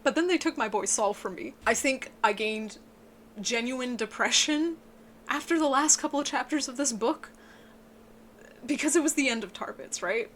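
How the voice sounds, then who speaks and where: Excitable, swearing woman reviewing books. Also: unhurried, slight background noise. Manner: excitable, swears a lot, voice breaks into high yelps. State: tearful. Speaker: book reviewer. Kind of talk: emotional casual book review.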